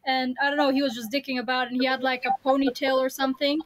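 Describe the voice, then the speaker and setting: High-voiced young woman, blunt and casual. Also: little pitch movement, fast talker. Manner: casual, blunt, swears freely. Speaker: podcast guest. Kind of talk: casual podcast chat.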